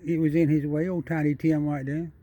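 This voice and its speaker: A man who makes wildlife videos talks directly to an animal at night while filming on a handheld camera, chatty and repetitive. His slightly high voice is flat, fairly quick, and dark-toned, with no room sound.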